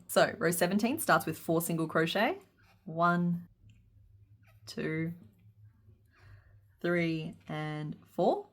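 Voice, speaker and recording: A woman walks through a crochet pattern, counting each stitch aloud. Her voice sits a little low for a woman, and she talks in a patient, playful way with frequent giggles. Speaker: crochet instructor. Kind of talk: step-by-step craft tutorial.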